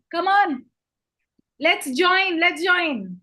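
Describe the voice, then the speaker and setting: A woman hosting a live online session for school students, greeting them by name and leading energetic call-and-response chants over a video call. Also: sits high, a little slow.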